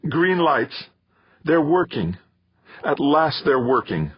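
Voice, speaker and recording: A male narrator voicing a calm, steady mother aboard a spaceship, in a dull lo-fi recording. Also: on the high side, slow, husky, dry recording, voice pushed up, full character voice. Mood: elated.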